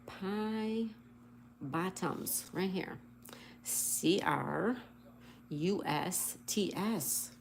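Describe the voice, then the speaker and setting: A woman's voice: fairly low pitch, very slow, creaky, pauses often, a little hiss or hum. A woman hosting a casual livestream, cheerfully spelling out words letter by letter and reading viewer comments aloud. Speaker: livestream host.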